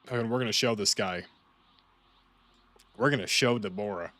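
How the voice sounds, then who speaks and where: A man's voice: fairly low pitch, normal speed, pauses often, bright, forceful tone. A young man giving casual gameplay commentary, slangy and prone to exasperated outbursts between muttered asides. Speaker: gamer.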